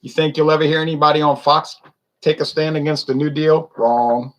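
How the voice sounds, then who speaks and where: A man's voice: on the high side, fairly even intonation, brisk. A man ranting in a casual monologue, opinionated and rambling, full of rhetorical questions. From United States. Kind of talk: casual rant to camera.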